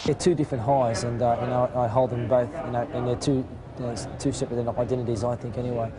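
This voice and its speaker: A man giving an earnest, halting interview outdoors, full of fillers. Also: medium pitch, level tone, over a noisy crowd, low-quality recording. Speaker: interviewed footballer. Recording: outdoor traffic noise.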